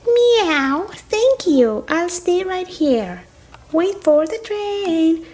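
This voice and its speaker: A woman's voice: very high-pitched, sing-song, drawn-out words, a little mellow, heavily acted. A woman doing a sweet polite toy cat.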